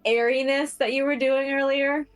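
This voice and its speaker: A woman co-hosts a relaxed playthrough in casual chat, quick to laugh and easily amused. Faint music plays softly behind her. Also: high voice. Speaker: co-host.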